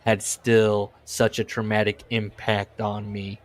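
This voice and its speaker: A man's voice: fairly low pitch, monotone, slow. A man co-hosting a casual comedy podcast, reading book passages aloud with mock solemnity and laughing often.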